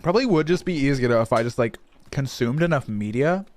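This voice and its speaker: A man's voice: mid-range voice, lively intonation, fast talker, darkish tone, no room sound. A young man chatting casually on a livestream, laughing often, swearing and restarting his words. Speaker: streamer.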